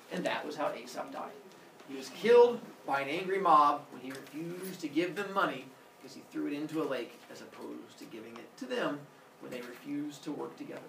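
A man teaching a class, telling a fable in an animated, playful way. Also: fairly high pitch, gravelly, slight background noise. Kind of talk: classroom storytelling. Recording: echoey classroom, distant mic.

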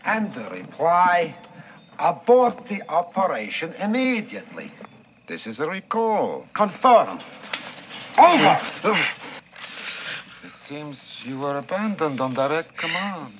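An actor with a Russian accent playing a cold, calculating Soviet colonel who questions a prisoner in measured, clipped, politely menacing speech, heard through a noisy film soundtrack. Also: male voice, on the high side, sing-song. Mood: coldly gloating.

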